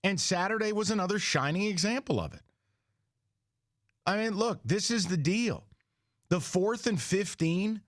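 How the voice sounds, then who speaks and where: A man's voice: sits high, dry recording, studio quality. Heated, blunt male sports radio host. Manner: blunt, heated, profane ranting. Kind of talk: sports talk rant.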